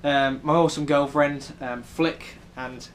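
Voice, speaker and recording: A man's voice: fairly high pitch, fairly even intonation, unhurried, a little hiss or hum. Chatty young British man vlogging. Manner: chatty, many ums, rambling. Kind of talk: casual travel vlog. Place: hotel room in New York City.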